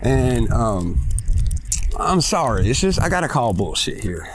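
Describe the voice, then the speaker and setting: A man of middling pitch delivers a blunt, profane rant, pressing his points hard. He talks while walking outdoors in a park, slightly out of breath, with faint noise in the background. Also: big pitch swings, unhurried. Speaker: podcast host. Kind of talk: ranting monologue. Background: faint traffic and kids.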